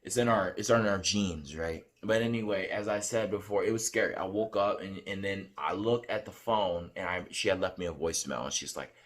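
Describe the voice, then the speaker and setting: A man vlogging as he recounts a dream, talking in a rambling, excitable way with many fillers and restarts. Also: deep voice, brisk, few pauses. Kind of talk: casual storytelling to camera.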